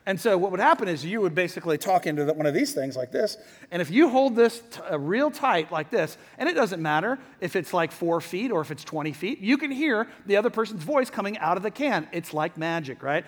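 A middle-aged man preaching a sermon to a hall audience, chatty and lively, often asking the crowd questions. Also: high voice, fairly quick. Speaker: pastor. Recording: long hall reverb.

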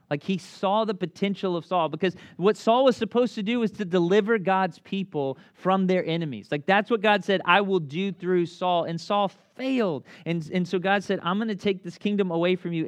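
A young man preaching a casual sermon, telling stories in a chatty, animated way with lots of asides. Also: fairly high pitch, no echo. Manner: conversational, animated storytelling with many asides. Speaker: pastor.

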